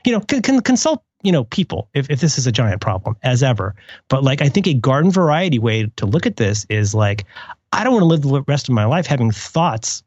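A man's voice: medium pitch, very animated, brisk, a little mellow, husky, no room sound, highs cut off. A man hosting a podcast, musing in casual chat with wry asides and self-corrections. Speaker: podcast host.

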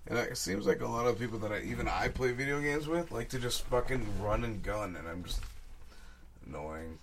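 A man's voice: mid-range voice, a little fast, slight background noise. A young man co-hosting a casual gaming podcast, talking in a laid-back way with some swearing. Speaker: podcast co-host.

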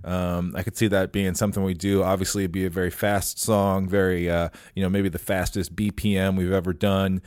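A low-pitched man hosts a casual podcast chat, pausing often on fillers and restarting his sentences. His voice sits deep, and the recording is dry and close with no room sound. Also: little pitch movement, darkish tone, clear, resonant tone, dry recording. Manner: halting, many fillers and restarts. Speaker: podcast host.

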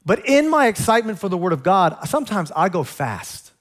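A male pastor preaching a sermon to his congregation, excitable and animated, mixing scripture with humor. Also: high-pitched, a little fast. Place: church sanctuary.

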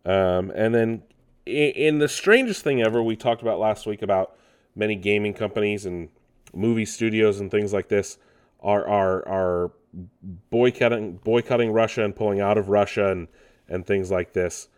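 Deep-voiced male podcast host, rambling and casual, lots of filler words. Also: moderate pace, darkish tone, clean tone. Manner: loose, rambling delivery full of ums and restarts. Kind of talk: casual gaming news podcast.

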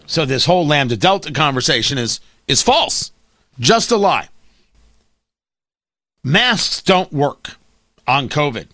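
A man's voice: a little high, animated, takes it slowly, long pauses, bright, forceful tone, no echo. A middle-aged man hosting a talk radio show, delivering an opinionated monologue in a sarcastic, combative way.

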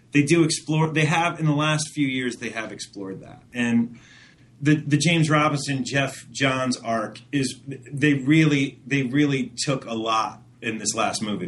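A man co-hosting a casual podcast chat, talking haltingly with many restarts. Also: medium pitch. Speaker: podcast co-host.

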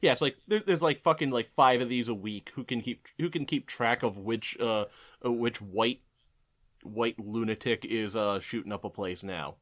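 A man's voice: mid-range voice, normal speed, fairly bright tone. A man in his forties in casual podcast chat, rambling and profane, with lots of "like".

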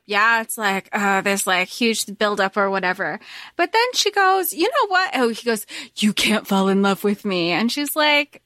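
A woman co-hosting a podcast, talking about a book in an animated, excitable way and swearing freely. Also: high-pitched, no room sound, clean studio sound. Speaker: podcast co-host. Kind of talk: casual book discussion.

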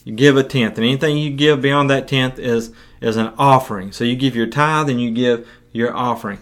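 Guy preaching on his podcast, earnest, stumbles and repeats himself, middle pitch. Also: fairly quick, a bit bright. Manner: earnest, repeats words and restarts often. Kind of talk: Bible reading and podcast teaching.

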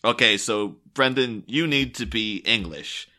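A man's voice: fairly low pitch, animated, unhurried, pushed and bright. An Irish man co-hosting a podcast, talking casually and animatedly with frequent laughter. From Ireland. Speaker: podcast co-host. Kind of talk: casual chat.

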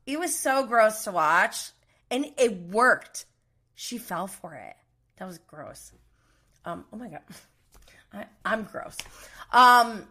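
Woman host for a casual live recap: bright, chatty, opinionated, mimics the people she quotes. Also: medium pitch, expressive, unhurried.

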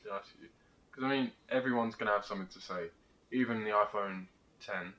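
A man's voice: on the low side, fairly quick, muffled recording, a crowd in the background. A young man co-hosting a podcast, explaining his ideas through everyday examples in casual chat. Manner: explains with examples and acted quotes. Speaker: podcast co-host.

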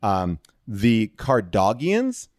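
Wry, animated male comedian guest. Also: on the low side, very slow, no room sound, clean studio sound. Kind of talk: casual comedy podcast chat.

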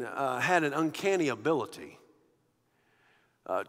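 A man preaching a sermon, animated, shifting from hushed to loud. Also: high-pitched. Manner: animated, swinging from hushed to loud with quoted voices. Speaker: pastor. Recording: long hall reverb.

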